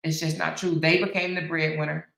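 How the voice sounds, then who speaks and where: A woman's voice: low voice, level tone, brisk, vocal fry, a bit bright, roomy sound, low-quality recording. A woman hosting an opinionated commentary monologue, emphatic and repetitive, often checking in with "right?". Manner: emphatic, repeats phrases, frequent "right?". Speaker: commentary host.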